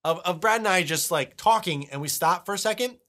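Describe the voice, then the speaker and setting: A man's voice: sits high, brisk, bright, forceful tone. A man co-hosting a podcast in casual chat, teasing and joking, swearing freely. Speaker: podcast co-host.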